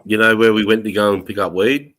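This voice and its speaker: Aussie bloke hosting a live stream, bright edgy voice, swears a lot, laughs through his yarns. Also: on the low side, level tone, brisk. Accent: Australian. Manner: swearing, laughing storyteller, greets viewers. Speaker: livestream host. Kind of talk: casual chat.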